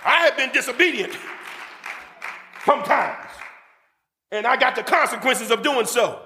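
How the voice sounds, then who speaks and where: A man preaching a sermon to a congregation, fervent, breaking into shouts and calling for amens. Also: very high-pitched, animated, normal speed, pauses often. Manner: fervent, with shouted bursts and call-and-response to the congregation. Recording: long reverb of a church hall.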